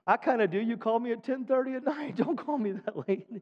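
High-voiced preaching man, echoing hall. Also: a little fast. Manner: emphatic preaching with frequent call-outs for amen. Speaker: pastor. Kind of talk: sermon. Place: church sanctuary. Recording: dull sound with long hall reverb.

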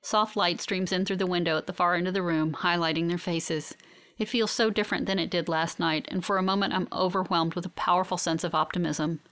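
A woman narrating a first-person audiobook in a measured, even way. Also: on the low side, clean tone.

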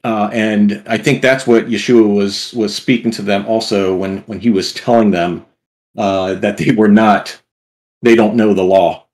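A man co-hosting a scripture discussion podcast, talking in a halting way with frequent restarts and fillers. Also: on the low side, fairly even intonation, darkish tone. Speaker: podcast co-host.

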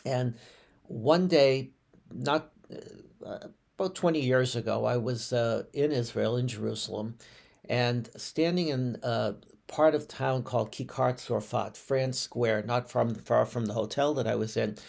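A man's voice: medium pitch, creaky, a little mellow. A man, a rabbi telling personal stories on a podcast in a reflective way, often restarting his sentences. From United States. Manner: reflective, unhurried, with frequent restarts and fillers.

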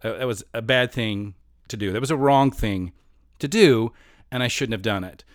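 A man's voice: mid-range voice, moderate pace, no echo, clean studio sound. A man in his fifties telling a long personal story in a rambling, self-mocking way, often laughing as he talks.

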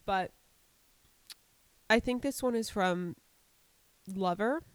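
A woman's voice: mid-range voice, slow, smooth. Blunt, joking young American woman. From United States. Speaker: podcast co-host. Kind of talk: casual chat.

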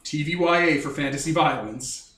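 A man's voice: on the high side, normal speed, fairly bright tone. A man running a tabletop game on a podcast, explaining things to listeners in a rambling way with casual swearing. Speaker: game master. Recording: echoey room with faint noise.

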